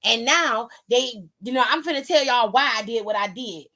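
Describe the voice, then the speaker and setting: A young woman host giving an animated, slangy recap, acting out what people said. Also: a little high, normal speed. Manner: lively storyteller, acts out quotes, slangy. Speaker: wrestling show recap host.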